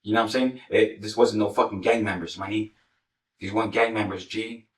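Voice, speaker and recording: A man with a fairly low, fairly even voice rambles rapidly through raw, profane street stories, a former gang member telling war stories in heavy slang. He swears constantly and keeps saying "you know what I'm saying." He's off mic and distant in an echoey room.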